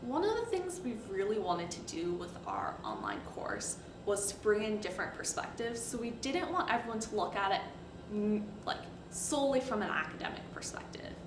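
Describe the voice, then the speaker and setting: A woman's voice: medium pitch, big pitch swings, moderate pace. A young woman in her twenties, a recent graduate, casually reflecting in an interview. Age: 20s. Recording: echoey, distant, noisy.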